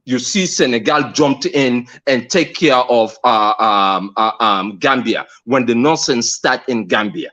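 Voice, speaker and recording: A man from Sierra Leone with a Sierra Leonean accent, speaking earnestly and emphatically as a caller in a live discussion, repeating phrases and pausing on fillers. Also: mid-range voice, a bit bright. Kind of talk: impassioned call-in discussion.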